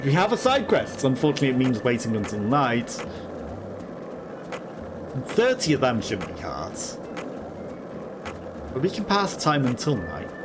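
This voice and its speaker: A man's voice: mid-range voice, very animated, unhurried, pauses often, noisy background. A man hosting a let's play, giving chatty, amused gameplay commentary and laughing often. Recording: voice over game music.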